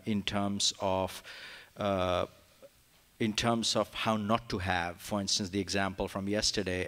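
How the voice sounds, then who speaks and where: Panelist, male, Indian accent, lowish voice, hesitant and thoughtful delivery. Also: a bit bright. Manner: hesitant, many fillers and restarts. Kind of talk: academic panel response. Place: conference hall.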